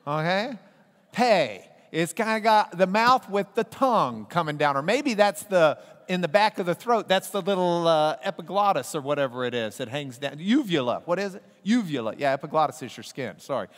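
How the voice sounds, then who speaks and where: A man teaching a Bible class in a big hall, his voice high and full of swings in pitch. He jokes and coaxes his listeners to say the letters back to him. The sound carries a long hall reverb. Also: lively intonation, moderate pace. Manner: playful, coaxing a class to repeat letters.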